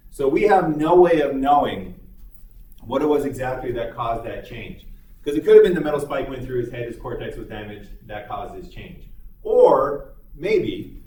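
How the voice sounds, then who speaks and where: With a medium-pitched, slightly mellow voice, a man teaches psychology in a relaxed, explanatory manner and uses fillers occasionally. The recording has echo from the room and a distant microphone.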